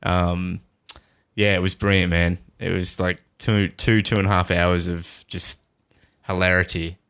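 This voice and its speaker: A man co-hosting a podcast in easygoing, enthusiastic chat full of halting restarts, talking over an online call. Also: deep voice, level tone, a bit bright, clear, resonant tone. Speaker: podcast co-host. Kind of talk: casual chat.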